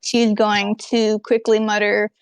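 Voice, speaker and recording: A woman's voice: medium pitch, completely flat delivery, takes it slowly, clean tone. A woman player in a tabletop game, describing her character's actions in a rambling, explanatory way. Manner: rambling, explanatory with fillers like 'kinda, like'.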